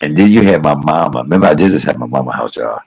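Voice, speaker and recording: A man's voice: very deep voice, expressive, fast, gravelly, a little mellow, breathy edge, rough recording. A man chatting casually and rambling on a livestream, calling his viewers y'all and baby. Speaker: live streamer.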